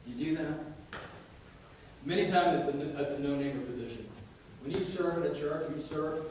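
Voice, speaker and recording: A man preaching a sermon in a church, telling jokey stories and shouting out quoted lines. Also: on the high side, moderate pace, a little hiss or hum. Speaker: pastor. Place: church sanctuary. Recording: echoey church room from a distance.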